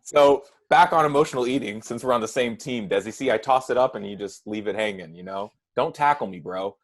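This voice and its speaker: A man with a fairly low voice talks at a fairly quick clip. He's a nutrition coach chatting casually on a podcast, relaxed, and he keeps tossing in "right?" and "like."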